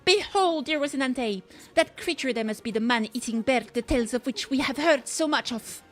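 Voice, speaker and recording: A woman's voice: mid-range voice, lively intonation, fast, faint music behind, lightly acted. A woman voicing an eager young female knight who speaks in grand, archaic phrases. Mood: grandly eager. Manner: theatrical, old-fashioned lofty phrasing.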